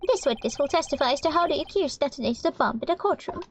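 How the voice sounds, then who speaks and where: A woman's voice: high voice, animated, quick pace, slight background noise, voice pushed up. A woman voicing a smug, pompous young male prosecutor with a haughty, condescending manner.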